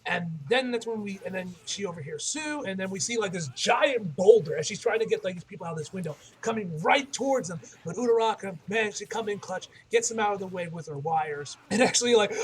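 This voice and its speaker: A man's voice: sits high, expressive, fairly quick, breathy edge. A young man recapping an anime episode in casual talk, rambling with many restarts and self-corrections. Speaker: anime reviewer.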